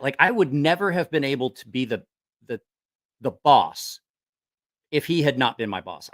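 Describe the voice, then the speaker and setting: A man hosting a livestream, telling rambling, profane stories with a laugh, a little tipsy after a few drinks. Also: mid-range voice. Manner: lively, profane, laughing storyteller. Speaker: livestream host. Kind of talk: casual storytelling livestream.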